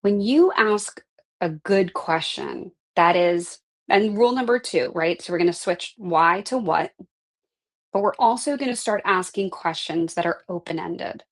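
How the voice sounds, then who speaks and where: A woman's voice: fairly low pitch, a little slow. Earnest woman coaching a live class. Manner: earnest, conversational, frequent "right?" tags. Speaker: life coach teaching a class. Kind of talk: live online class talk.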